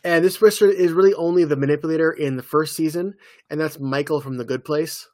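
A man co-hosting a casual podcast chat about TV shows, animated and loose. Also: fairly high pitch, a little fast, dry recording, clean studio sound. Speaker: podcast co-host.

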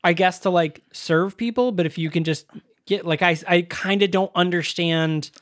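A man's voice: high-pitched, normal speed, no room sound, studio quality. A man co-hosting a podcast, chatting casually about a movie, laughing often and swearing when annoyed. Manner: laughing, exasperated, swears freely. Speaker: podcast co-host. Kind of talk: casual movie review chat.

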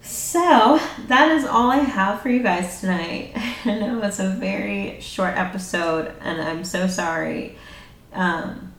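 A woman's voice: medium pitch, takes it slowly, creaky. A woman hosting her own podcast, chatting casually and loosely, laughing often, with plenty of fillers. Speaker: podcast host. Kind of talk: casual solo podcast chat. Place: home room. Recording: roomy, a bit distant from the mic.

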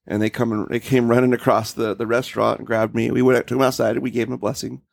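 A man's voice: medium pitch, level tone, quick pace, vocal fry, no room sound, clean studio sound. A man co-hosting a podcast in casual chat, earnest and emphatic, repeating words for stress.

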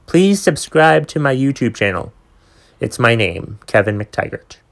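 A young man rants through a solo podcast episode, swearing often and circling back over his own points in exasperation. His voice sits at an ordinary middle pitch, and he talks the way one vents to friends. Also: sing-song, a little slow, gravelly, a bit bright. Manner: exasperated, profane ranting storyteller. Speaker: podcast host.

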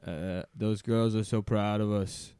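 A man's voice: fairly low pitch, fairly even intonation, unhurried, dark tone, clean tone, no echo, clean studio sound, natural voice. Man doing a brash Boston guy. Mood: joking. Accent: Boston, put on. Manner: joking impression, goofy. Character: male reality-show contestant, brash Boston guy.

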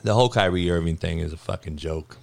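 A man hosting a podcast, delivering a blunt, heated, profanity-laced sports rant that climbs into yelling. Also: low voice, fast, gravelly, slight background noise. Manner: blunt, heated, swearing, rising to a yell. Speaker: podcast host.

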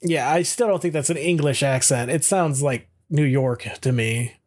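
Guy w a fairly high voice chatting thru an old tv episode, lively, laughs a lot. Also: normal speed. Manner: animated retelling, laughing often. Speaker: podcast co-host. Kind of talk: casual recap of a TV episode.

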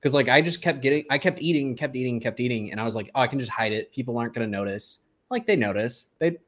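A man's voice: medium pitch, animated, fast talker. A man in casual chat, speaking candidly and a bit rambling about personal lessons. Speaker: podcast co-host.

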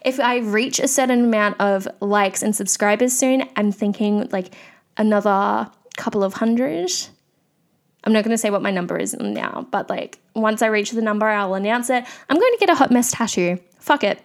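A woman's voice: medium pitch, normal speed. A young woman hosting a solo podcast, ranting candidly in a chatty way with lots of fillers. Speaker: podcast host.

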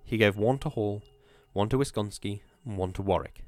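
A man narrating a story as an audiobook, in a steady, measured way. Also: fairly low pitch, no room sound.

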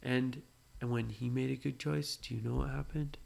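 A woman telling an improvised bedtime story to a child, animated and often pausing to ask what happened next. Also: very deep voice, gravelly. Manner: animated, asks questions to draw the listener in.

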